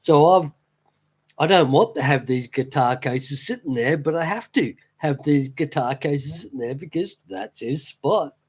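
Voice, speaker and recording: A man's voice: fairly high pitch, a little slow, a little mellow, breathy edge. A man chatting casually on a live stream, rambling fondly and laughing easily. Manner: rambling, fond and easily amused. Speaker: streamer talking to chat.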